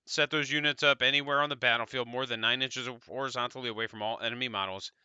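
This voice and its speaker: A man's voice: medium pitch, steady tone, fast talker, pushed and bright, smooth, dry recording, dull audio. A man with an American accent, co-hosting a podcast and chatting casually in a rambling, laid-back way, swearing now and then. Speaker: podcast co-host. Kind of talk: casual tabletop wargame discussion.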